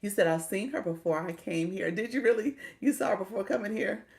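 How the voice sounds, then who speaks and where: A woman's voice: medium pitch, fairly even intonation, brisk, vocal fry. A middle-aged woman coaching during a casual live stream, chatty, greeting viewers by name and laughing often. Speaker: livestream coach.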